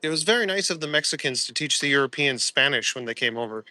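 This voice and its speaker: A young Canadian man live streams while walking outdoors, reading viewer comments, joking casually and laughing often in a laid-back way. His voice is a little high, expressive, bright and forceful, at a quick pace.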